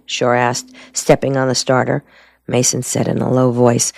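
Steady man reading a mystery aloud. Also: mid-range voice, normal speed, vocal fry, no room sound. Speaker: reader. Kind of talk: audiobook reading.

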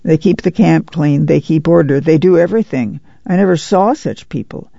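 A man voicing a lean, friendly middle-aged camp manager who talks in a warm, easygoing, chatty way. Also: a little high, normal speed, creaky, dry recording, lo-fi sound.

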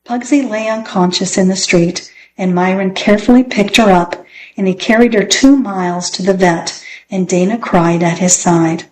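A woman reading a children's chapter book aloud in a gentle, clear storybook manner. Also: medium pitch, normal speed, a little hiss or hum, rough recording. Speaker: narrator.

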